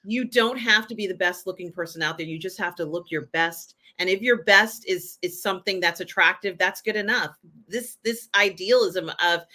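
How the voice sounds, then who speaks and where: Bright-voiced opinionated woman co-host. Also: lowish voice, moderate pace, few pauses. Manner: emphatic, opinionated, many fillers. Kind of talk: casual pop culture chat.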